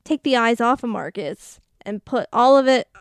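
Podcaster lady with a higher voice, retelling a movie plot, dry close sound. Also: normal speed, clear, resonant tone, no echo. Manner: animated retelling with playful character voices. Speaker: podcast co-host. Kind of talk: casual movie review chat.

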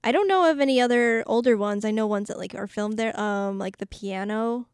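A woman's voice: on the high side, fairly quick, clean tone, dry recording, clean studio sound. A woman co-hosting a podcast in casual chat, reading out listener questions, laughing a lot and filling gaps with "um" and "like.". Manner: giggly, reads out listener questions, many fillers. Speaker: podcast co-host.

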